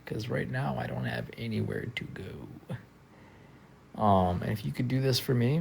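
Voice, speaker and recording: Tired, gravelly low-voiced man on stream. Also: slight background noise. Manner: tired, soft-spoken, trailing off with many fillers. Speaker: livestreamer. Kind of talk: casual live stream chat. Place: friend's house, indoors.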